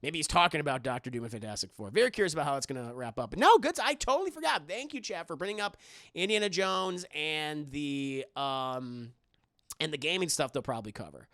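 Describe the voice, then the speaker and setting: Gravelly, bright-voiced male streamer. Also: a little high, expressive, fairly quick, no room sound, clean studio sound. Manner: rambling, reacts to chat, many restarts. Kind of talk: casual live-stream chat.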